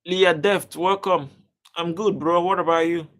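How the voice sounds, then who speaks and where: Chatty man with a slightly high voice. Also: fairly even intonation, measured pace, a bit bright. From Africa. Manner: playful banter, chuckling, repeats words when starting. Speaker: live stream host. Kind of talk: casual live chat reading viewer comments.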